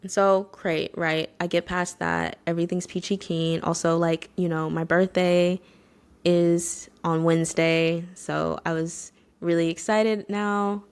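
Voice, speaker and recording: Low-voiced young woman telling a personal story. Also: flat delivery, measured pace, smooth. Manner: candid and conversational with many "like"s. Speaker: vlogger.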